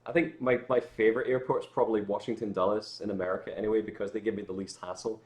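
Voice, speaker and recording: A man's voice: lowish voice, fairly even intonation, quick pace. A Scottish man chatting casually as a guest on a livestream, telling rambling stories with lots of fillers and restarts. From Scotland. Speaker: guest musician.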